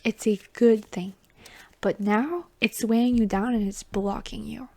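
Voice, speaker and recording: A woman giving a tarot reading, talking softly and reassuringly, often dropping into a whisper and calling the listener baby or honey. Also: on the high side, fairly even intonation, a little slow. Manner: chatty and affectionate, calls the listener baby and honey. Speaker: tarot reader. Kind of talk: intuitive tarot reading to viewers.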